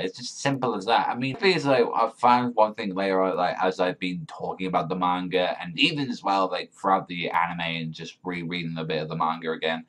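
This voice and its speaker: A man's voice: low voice, a little fast, fairly bright tone. A man giving a casual, profane review, rambling with lots of fillers and swearing. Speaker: manga reviewer.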